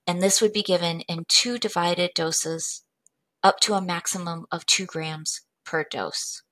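A woman with a slightly low voice reads through a patient case. Her delivery is measured and clinical, as if presenting to fellow professionals. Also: fairly even intonation, a bit bright. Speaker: medical educator.

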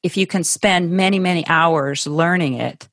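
A woman's voice: lowish voice, moderate pace, fairly bright tone, dry recording, clean studio sound. A middle-aged woman from Ohio, a guest in an interview, telling her story in a thoughtful, conversational way with some restarts and laughs. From Ohio, USA.

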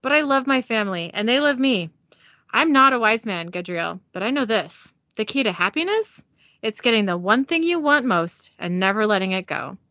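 A reformed male angel, upbeat and earnest, read aloud by a woman. The voice is bright, lively and high, and the dry recording sounds dull. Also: normal speed, no room sound.

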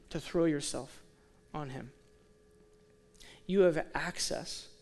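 A young male pastor preaching a sermon, moving between quiet, slow emphasis and excited storytelling. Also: on the high side. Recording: long reverb of a large hall.

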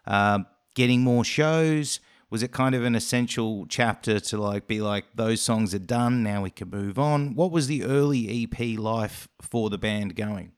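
A man's voice: mid-range voice, clear, resonant tone. Australian man hosting a casual interview. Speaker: podcast host.

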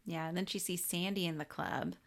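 A woman's voice: fairly low pitch, steady tone, fairly quick. A woman co-hosting a podcast, recapping a film in casual chat and acting out its lines in exaggerated voices. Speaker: podcast co-host.

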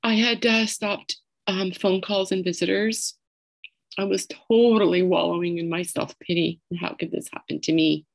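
Low-voiced woman telling a raw personal story. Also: steady tone, moderate pace, creaky. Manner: candid and emotional, swears freely.

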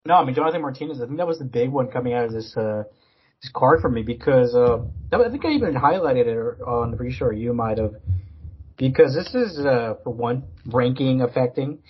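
A man's voice: medium pitch, animated, brisk, husky, muffled recording. A man co-hosting a casual sports podcast, rambling with many fillers and restarts. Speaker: podcast co-host.

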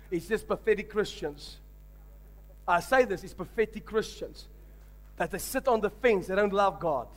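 High-voiced man preaching emphatically. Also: normal speed. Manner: emphatic preaching with call-and-response. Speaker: pastor. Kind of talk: sermon.

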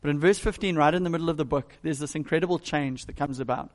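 A man's voice: on the high side, fast. A male pastor giving a conversational, emphatic sermon.

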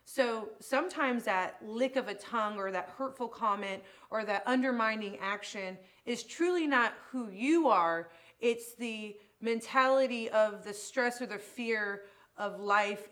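Brief: a woman guest, a salon owner, heartfelt and rambling, mid-pitched everyday voice. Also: measured pace, a bit bright. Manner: emotional, rambling, many restarts. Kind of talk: casual interview chat.

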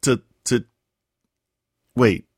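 A man's voice: extremely slow, a little mellow, no echo. A man in a casual call, asking questions and joking with dry teasing. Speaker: friend on the call. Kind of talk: casual chat.

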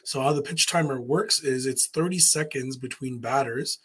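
A man with a husky, slightly rough voice chats loosely about sports as a podcast co-host. He rambles through his points and keeps asking the others what they think. His voice sits at a middle pitch. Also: normal speed, fairly bright tone. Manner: loose, rambling, asks the panel questions. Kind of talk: casual sports chat.

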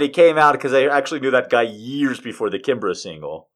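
Animated, rambling male podcast host. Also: medium pitch, fairly quick. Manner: rambling, easily sidetracked; animated, swearing asides. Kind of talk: poetry reading and casual chat.

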